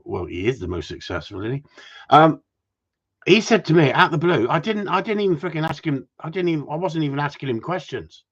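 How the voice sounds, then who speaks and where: Husky blunt gundog trainer. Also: male voice, mid-range voice, fairly bright tone, lo-fi sound. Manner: blunt, rambling, swears casually. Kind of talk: live stream Q&A chat.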